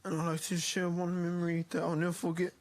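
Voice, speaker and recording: A young man giving a eulogy for his father at a family funeral service in a chapel. He speaks hesitantly, pausing often and filling the gaps with filler sounds. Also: fairly high pitch, completely flat delivery, slight background noise.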